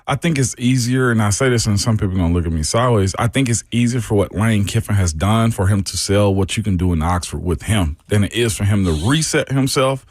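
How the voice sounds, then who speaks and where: A man co-hosting sports talk radio, a former pro player, talking in a relaxed, thoughtful, rambling way. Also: fairly low pitch, brisk, few pauses, no echo, clean studio sound. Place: radio studio.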